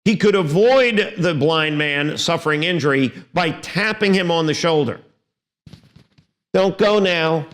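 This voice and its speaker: Male law lecturer with a slightly high voice, telling wry, dramatic stories to prep students for an exam. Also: animated, normal speed, few pauses, a bit bright.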